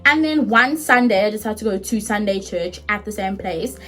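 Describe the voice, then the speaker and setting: A young woman in her twenties with a South African accent, telling a story in a chatty, animated, casual way and swearing freely. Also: medium pitch, normal speed, faint music behind. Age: 20s. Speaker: vlogger.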